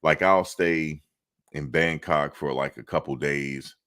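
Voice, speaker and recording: A man from New Jersey telling a travel story to camera in a casual, animated, slangy way, repeating himself for emphasis. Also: extremely low pitch, slow pace.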